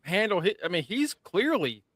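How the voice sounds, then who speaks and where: A man talks through a show episode on a podcast, swearing freely and acting out the characters' lines. His voice sits a little high, and the sound is dry and close. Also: normal speed, no room sound. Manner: animated, profane, acts out scenes. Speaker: podcast co-host. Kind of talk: casual show review chat.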